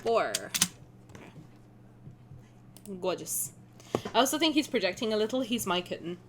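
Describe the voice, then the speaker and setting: Excitable chatty woman streamer. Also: medium pitch, measured pace, noisy background. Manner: chatty, excitable, swearing, gushing. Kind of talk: casual game reaction stream. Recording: faint game music underneath. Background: game music.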